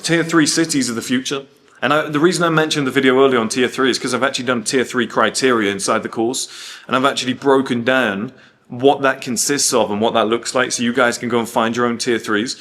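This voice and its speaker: A man's voice: medium pitch, fairly bright tone. A man from the UK talking casually and bluntly, telling stories full of quoted dialogue and swearing. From United Kingdom. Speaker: host. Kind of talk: casual monologue.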